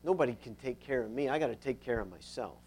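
A man voicing a jealous, resentful male church member who grumbles and pities himself, with a high, loud, whiny delivery. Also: lively intonation, quick pace, a little hiss or hum, close to an everyday voice. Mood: self-pitying. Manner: whiny, resentful, self-pitying.

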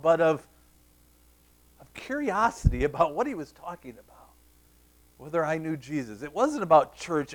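Emotional pastor telling a story. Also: male voice, fairly high pitch. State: tearful. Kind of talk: sermon.

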